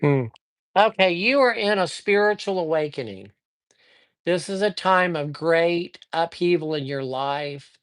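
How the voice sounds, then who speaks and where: A man hosting a casual live stream, telling ghost stories with lively acted-out dialogue and giving tarot readings to viewers. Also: on the high side, measured pace, smooth. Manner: lively storyteller who acts out dialogue. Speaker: live-stream host and psychic reader.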